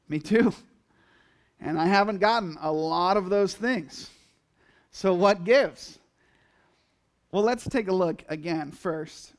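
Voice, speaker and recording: A man with a fairly high voice preaches a sermon in an easy, talky way. He keeps it lively by acting out the listeners' reactions and quoted lines as he goes. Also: a little slow, pauses often. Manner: conversational, animated, acts out quotes in asides. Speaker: pastor.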